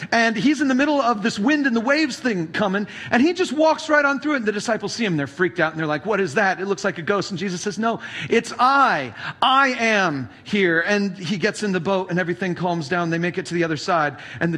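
A man's voice: high voice, a bit bright. A male pastor preaching a sermon, retelling stories casually and animatedly. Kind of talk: sermon storytelling.

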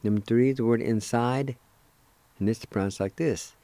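A man teaching a language lesson on the radio, spelling out and pronouncing words syllable by syllable in a slow, deliberate way. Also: medium pitch, warm tone, no echo.

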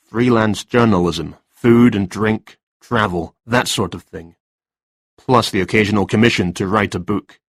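A flustered, distracted writer, as a male narrator voices him in a storybook reading. He talks hesitantly in a lowish, dry voice. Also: unhurried, no echo.

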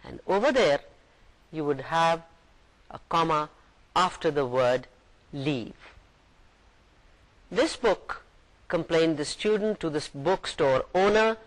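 A man's voice: fairly high pitch, expressive, slow, pauses often, rough recording. A man giving a recorded university lecture, patiently explaining each point and reading example sentences aloud.

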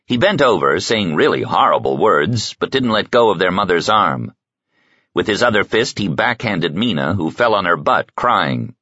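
A very deep-voiced man narrates an audiobook with lively, swinging intonation and a bright, husky edge. The recording is dry and close, with a dull, lo-fi sound. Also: normal speed, dry recording. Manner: lively, dramatic storytelling. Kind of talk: scripted narration.

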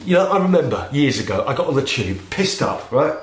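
A man's voice: mid-range voice, sing-song, brisk, lightly acted. A man acting a sober former thief, defensive and proud, who talks hesitantly with stumbling restarts. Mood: earnest. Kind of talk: audio drama acting. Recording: roomy echo.

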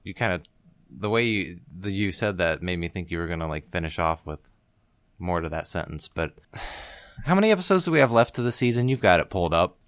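A man with a very low, gravelly voice hosts a casual podcast. He sounds nasal and stuffy from a cold and rambles loosely with some swearing. The recording is dry and close. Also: lively intonation, a little fast, dry recording. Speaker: podcast host.

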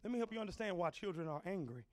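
A middle-aged man pastor preaching a sermon in folksy everyday phrasing, swinging from low talk up to loud shouted lines. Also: expressive, racing.

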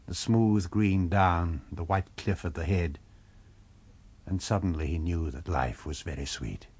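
Deep, husky male audiobook narrator. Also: a little mellow. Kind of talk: scripted narration.

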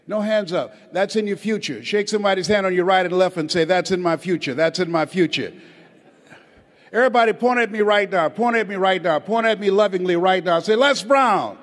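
A man giving a motivational speech to a live audience, leading it in booming call-and-response. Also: fairly quick. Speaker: motivational speaker. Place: large hall with a live audience. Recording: live speech in a large reverberant hall.

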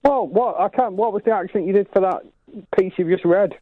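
A man's voice: high voice, brisk. A man calling in to a radio show over the phone, chatty and rambling with lots of fillers. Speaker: caller. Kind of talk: casual phone-in chat. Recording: tinny phone line.

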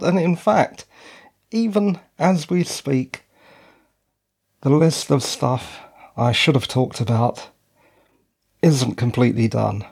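Gravelly, slightly rough and darkish, this medium-pitched male voice belongs to a middle-aged man hosting his own podcast. Tired and short of breath, he chats casually on his own, rambling with self-deprecating asides into a handheld dynamic mic.

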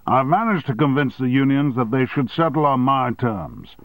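A man reading an audiobook and voicing a blustering, domineering male newspaper owner who talks loudly and impatiently. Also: very animated, moderate pace, no room sound, narrow, tinny audio. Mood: triumphant. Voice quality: loud, booming. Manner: bullying, impatient.

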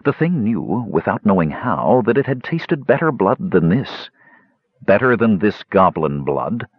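A man narrating a fantasy audiobook in a measured, expressive reading style. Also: lowish voice, slightly rough, no room sound. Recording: dry, dull lo-fi recording.

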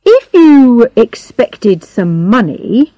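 A woman voicing a calm, deliberate male police inspector who questions suspects in an audiobook reading. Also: fairly high pitch, no room sound, dull audio, voice pushed up, exaggerated voice.

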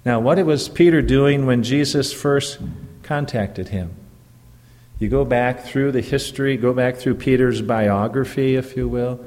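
Slow-preaching pastor in a reverberant hall. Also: male voice, medium pitch, a little mellow. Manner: slow, deliberate preaching with emphatic rises. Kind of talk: sermon. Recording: long reverb of a church hall.

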